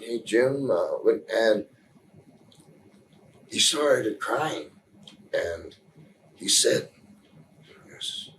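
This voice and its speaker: A man giving a candid interview, telling a story in a rambling, halting way with many restarts, earnest and emotional in places. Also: fairly low pitch, creaky, a little hiss or hum, low-quality recording. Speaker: interview guest.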